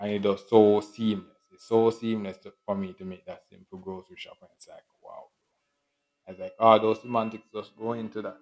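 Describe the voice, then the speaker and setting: A man talking in a casual solo monologue, rambling and repeating himself with quick laughs and acted-out quotes. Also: on the low side, level tone, a little mellow, poor audio. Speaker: podcast host.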